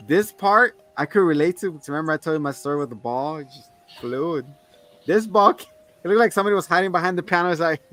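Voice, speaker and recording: A man with a bright, slightly high voice runs through a horror movie scene by scene. His telling is animated and loose, full of swearing and asides. Soft music plays underneath. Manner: animated retelling of film scenes, frequent laughs and swearing. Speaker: podcast co-host. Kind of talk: casual movie-review banter.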